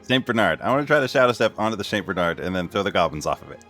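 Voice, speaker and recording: A man's voice: low voice, lively intonation, very fast, fairly bright tone, faint music behind. A man playing a tabletop game, asking about the scene and stating his moves matter-of-factly. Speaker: player. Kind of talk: casual tabletop play.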